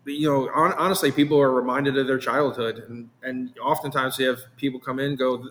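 A man's voice: medium pitch, steady tone, normal speed, hardly any pauses, a bit bright. A man in casual interview chat as a meadery owner, talking in a rambling way that repeats words and restarts often.

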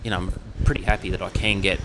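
A man's voice: deep voice, level tone, fast, background noise. A man in his thirties with an Australian accent, chatting casually and rambling with lots of fillers. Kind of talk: casual chat.

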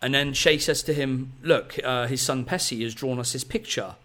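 Male podcast host, 30s, mid pitch, excitable rambling storyteller. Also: moderate pace. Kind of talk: casual storytelling chat.

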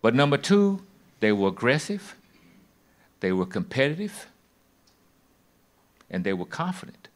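A man's voice: mid-range voice, sing-song, measured pace, long pauses. A man preaching a sermon, folksy and emphatic, with bits of humor.

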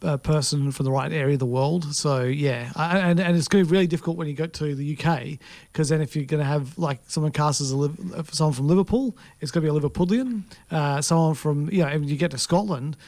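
A man's voice: fairly high pitch, quick pace, darkish tone, no room sound. An Australian man co-hosting a podcast, talking about films in a laid-back, hesitant way with dry teasing. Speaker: podcast co-host. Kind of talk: casual chat about films.

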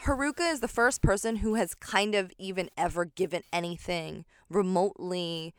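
A woman in casual conversation, chatty and animated, laughing often and leaning on fillers. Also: fairly low pitch, normal speed, clear, resonant tone, no echo, studio quality. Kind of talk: casual chat reviewing a show.

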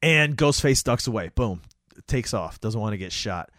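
A man co-hosting a casual talk show, retelling a film scene by scene with lots of fillers and quick acted-out lines. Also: fairly low pitch, no echo, clean studio sound. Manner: animated retelling, acts out lines, many fillers. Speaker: podcast co-host recapping a movie. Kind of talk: casual chat.

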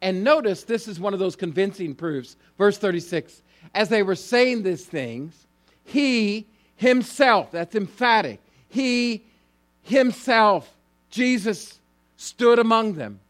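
A pastor delivers a sermon in a fairly high male voice, retelling the story with animated, emphatic lines that build as he goes. He keeps turning to his listeners with direct questions. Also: a little slow.

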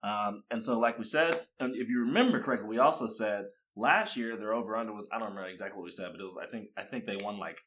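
A man's voice: fairly low pitch, fast talker, few pauses, a bit bright. A young man co-hosting a podcast, chatting casually, laughing often and restarting his sentences. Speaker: podcast co-host.

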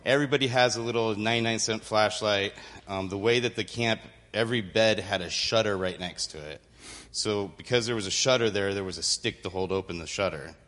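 Brief: man, lower voice, lively storyteller on a handheld mic, reverberant church hall. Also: fairly quick. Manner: animated storyteller, acts out quotes, laughs often. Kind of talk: storytelling to a congregation. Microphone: handheld microphone. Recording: reverberant hall with faint ambience.

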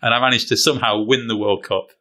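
This guest, a fencer from Britain, has a medium-pitched voice and talks fast. In a casual chat he tells a funny anecdote, animated and self-deprecating, using British slang.

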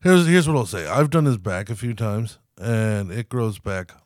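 A man's voice: on the low side, lively intonation, normal speed, no echo, studio quality. Profane storytelling podcast co-host man. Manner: profane, storytelling, acting out quotes with laughs. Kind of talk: crude casual chat.

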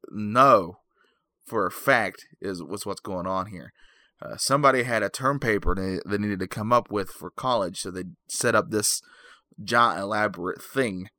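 A man's voice: fairly low pitch, sharp tone, dry recording, clean studio sound. A man giving a rambling, self-deprecating comedic recap, full of fillers and asides. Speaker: comic movie recapper.

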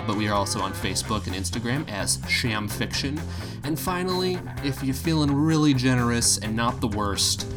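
A man co-hosting a comedy podcast, joking and rambling with fillers. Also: fairly low pitch. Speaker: podcast co-host.

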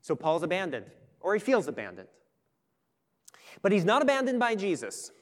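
A pastor preaching a sermon with earnest emphasis that swells and then turns quiet and intimate. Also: male voice, high-pitched, huge pitch swings, moderate pace. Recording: long hall reverb.

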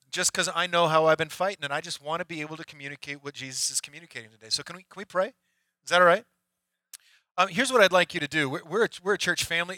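Bright-voiced male pastor, candid and chatty. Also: fairly high pitch, dry recording, low-quality recording. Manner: candid, conversational, with frequent restarts. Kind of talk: sermon. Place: church sanctuary.

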